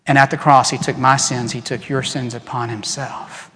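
A man preaching a sermon as pastor, animated, acting out quoted voices and dropping to soft, earnest tones. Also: medium pitch, normal speed, few pauses. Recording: long reverb in a large hall.

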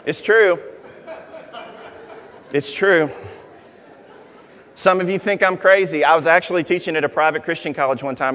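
A young man preaching a sermon in a large hall, telling jokes and stories in an animated way. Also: fairly high pitch, normal speed, pauses often. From Arkansas, USA. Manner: animated, joking storytelling. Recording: long hall reverb.

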